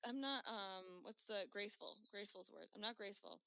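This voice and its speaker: A woman's voice: medium pitch, fast, a little hiss or hum. A young woman co-hosting a podcast from home, telling a funny story in casual chat and swearing freely. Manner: animated, laughing, swearing freely. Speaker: podcast co-host. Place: at home during lockdown.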